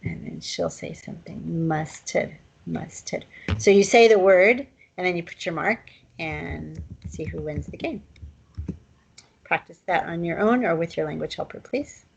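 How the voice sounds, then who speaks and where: A woman teaching a language lesson, explaining pronunciation and sounding out words slowly. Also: lowish voice, creaky, slight background noise, rough recording.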